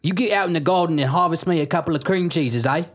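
A man voicing a gruff, bossy dad with a put-on accent in an improvised comedy sketch. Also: on the high side, quick pace, pitched above the performer's own voice, lightly acted. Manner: bossy, barking.

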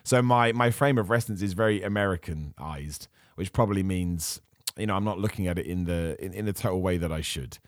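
A man hosting a casual podcast, reading out viewer questions and answering them with chatty enthusiasm while his voice turns hoarse. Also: sits low, a little fast, dry recording, studio quality. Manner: enthusiastic, chatty, frequent fillers and restarts. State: losing his voice. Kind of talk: casual chat.

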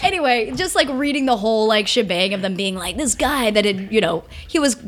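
A woman's voice: a little high, expressive, brisk, noisy background. A woman co-hosting a podcast, retelling a true-crime story in a chatty, casual way full of fillers and asides. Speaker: podcast co-host.

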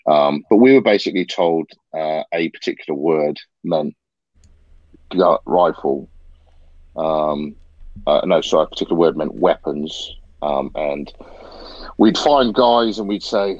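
A man's voice: a bass voice, fairly even intonation, normal speed, darkish tone, dry recording, dull audio. A man telling a military story in casual chat, swearing a lot as he talks. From Britain. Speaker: podcast host, ex-soldier event organiser.

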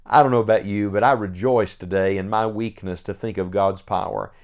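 A man's voice: lowish voice, fairly even intonation, a little fast. Earnest male Bible teacher. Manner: earnest, emphatic, stretches out quoted scripture. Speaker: preacher.

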